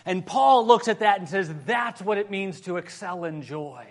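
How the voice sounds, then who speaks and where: A male pastor preaching a sermon, telling a humorous personal story and moving between soft prayer and lively emphasis. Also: high-pitched, normal speed.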